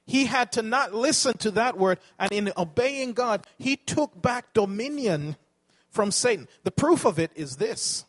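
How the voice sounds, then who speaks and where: Guy preaching a sermon, kinda high voice, keeps quizzing the crowd. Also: animated, a little slow. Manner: asks the audience questions, corrects himself.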